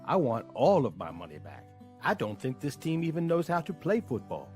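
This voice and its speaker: A glum grown-up football fan in a cartoon, voiced by a man, grumbling in stiff, formal sentences. His pitch moves widely across each line. Faint music plays underneath. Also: normal speed, close to an everyday voice. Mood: gloomy. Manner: stiff, flat-worded complaining. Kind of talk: cartoon voice acting.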